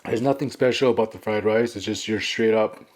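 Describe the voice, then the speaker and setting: A man's voice: lowish voice, a little fast, noisy background. A young man from Canada telling a casual story while eating, chatty and full of fillers. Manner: chatty, filler-heavy storytelling with acted quotes. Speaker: mukbang vlogger.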